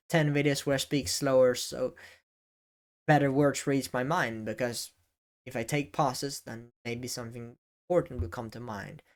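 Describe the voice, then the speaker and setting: A man talking to the camera in a casual advice vlog, often halting and correcting himself as he goes. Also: mid-range voice. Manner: halting, self-correcting, varies emphasis. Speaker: YouTube creator. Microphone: camera facing speaker.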